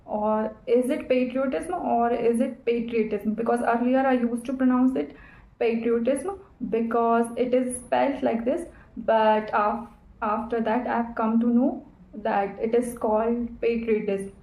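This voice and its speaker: A woman's voice: a little high, steady tone, measured pace, dark tone. Careful hesitant woman, echoey room. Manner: careful, hesitant, many fillers. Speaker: learner practicing English with an AI. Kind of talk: casual spoken practice.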